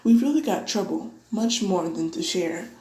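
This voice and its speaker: A woman's voice: medium pitch, expressive, normal speed, dark tone, echoey room, natural voice, rough recording. A woman voicing a tiny, grateful male mayor in a piping, polite voice. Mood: pleading.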